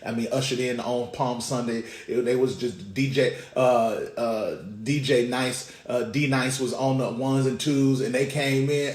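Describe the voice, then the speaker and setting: A man preaching a sermon, retelling scripture in lively slang and acting out the voices of the people in the story. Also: mid-range voice, measured pace, hardly any pauses. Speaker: pastor. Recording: echoey room with faint ambience.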